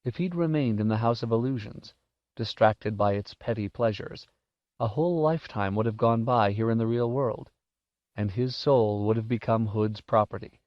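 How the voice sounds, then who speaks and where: A man narrating an audiobook in a measured, expressive storytelling manner. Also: lowish voice, no echo. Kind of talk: scripted narration. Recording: dull, dry cassette audiobook recording.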